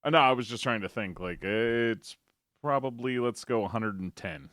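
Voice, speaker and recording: A man's voice: mid-range voice, moderate pace, fairly bright tone, no room sound, clean studio sound. A man guest on a podcast, chatting in a laid-back way that trails off. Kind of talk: casual chat.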